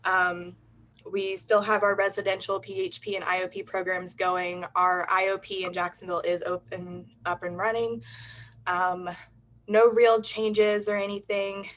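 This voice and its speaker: A woman's voice: mid-range voice, level tone, a little slow, fairly bright tone, low-quality recording. A woman with a Southern US accent giving a hesitant, self-conscious, giggly introduction on a video call. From Southern United States. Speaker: treatment center representative.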